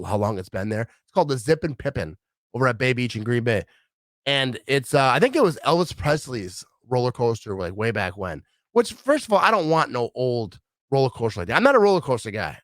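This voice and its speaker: Brief: middle-aged Midwestern-born man, lively swinging delivery, dry close recording. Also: mid-range voice, no echo. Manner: rambling, animated, acts out quoted voices. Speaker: vlogger. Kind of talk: casual rambling monologue.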